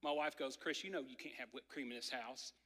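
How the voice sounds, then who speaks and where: A man in his thirties preaching a sermon, telling a family story in a conversational, animated way with lots of filler words. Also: medium pitch, a little fast. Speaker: pastor. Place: church sanctuary. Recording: church hall reverb.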